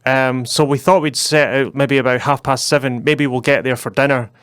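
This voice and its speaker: A man's voice: mid-range voice, steady tone, moderate pace, a bit bright, clear, resonant tone, no echo, studio quality, natural voice. A Scottish man voicing a cheerful middle-aged woman tourist who is planning a trip, in a raised, breezy voice.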